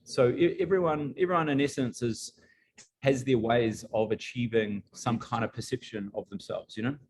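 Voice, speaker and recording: A man, a band member guest, talking in halting stops and restarts. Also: medium pitch, a crowd in the background. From New Zealand. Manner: hesitant, many restarts. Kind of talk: casual interview chat.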